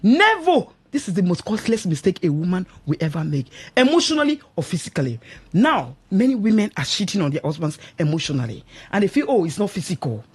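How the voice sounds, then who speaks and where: Husky Nigerian woman preaching marriage advice. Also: on the low side, very animated, fast talker, a little mellow. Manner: emphatic, exhorting, keeps asking "do you understand?". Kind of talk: preachy radio advice talk. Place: radio studio.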